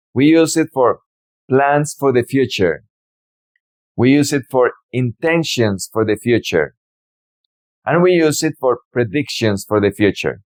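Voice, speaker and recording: A male Spanish teacher with a Latin American Spanish accent walks learners through a lesson. He talks at a slow, careful pace and sounds out each word so students can repeat it, in a voice of ordinary middle pitch. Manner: repeats words slowly and clearly for learners to copy. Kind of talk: slow, deliberate language lesson.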